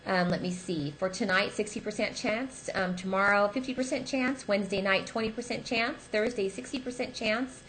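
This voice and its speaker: A woman's voice: mid-range voice, normal speed, hardly any pauses, a bit bright, a little hiss or hum, rough recording. Chatty woman co-hosting local news. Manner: chatty, with fillers, teasing her co-host. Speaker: co-host reading local news and weather. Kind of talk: casual local news show.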